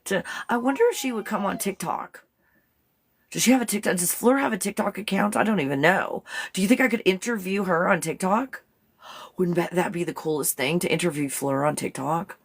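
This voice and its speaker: A woman's voice: fairly low pitch, fairly quick, slightly rough. A woman hosting a casual live stream, chatty and rambling, often giggling and breaking off to talk to her dog. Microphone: phone.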